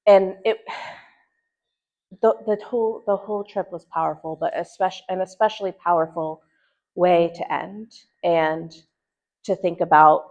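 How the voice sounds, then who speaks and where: Woman, church presenter, lower voice, earnest reflective talk, dull lo-fi sound. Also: steady tone, unhurried, long pauses, darkish tone. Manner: earnest, thoughtful, with fillers and restarts. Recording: dull lo-fi recording.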